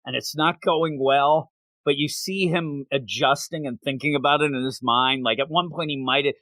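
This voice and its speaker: A man's voice: a little high, normal speed, no echo. A man hosting a podcast, recapping a manga chapter in casual chat and acting out the characters. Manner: animated storytelling, acts out characters in silly voices. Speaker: podcast host.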